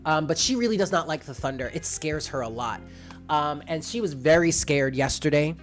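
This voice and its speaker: Low-pitched woman, tarot streamer, rambling casual chat over soft lo-fi music. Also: expressive, normal speed. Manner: chatty, rambling, reads out viewer comments. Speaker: tarot reader. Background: faint lo-fi music.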